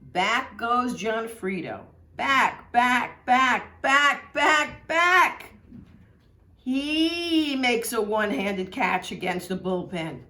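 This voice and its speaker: A woman putting on an excited old-time male radio baseball announcer, calling a play with a rising, escalating delivery. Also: fairly high pitch, voice pushed up, exaggerated voice.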